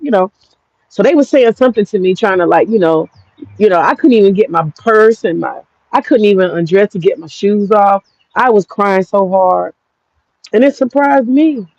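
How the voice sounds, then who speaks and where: A woman's voice: medium pitch, normal speed, a little mellow, no echo, dull audio. An American woman with an African American English accent, telling a personal story in a frank, profane, rambling vlog. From United States. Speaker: vlogger.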